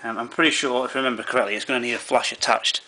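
Rapid-fire and steady, a male presenter with a mid-range, bright, forceful voice guides viewers through a camera's menu settings step by step. He keeps it casual, with many fillers and restarts along the way.

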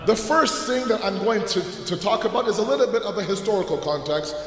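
Booming man preaching in an echoey hall. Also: a little fast, noisy background. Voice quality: loud, booming. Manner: earnest and animated, with humorous asides. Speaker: religious lecturer. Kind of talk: sermon. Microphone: held away from the mouth. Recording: echoey hall with long reverb.

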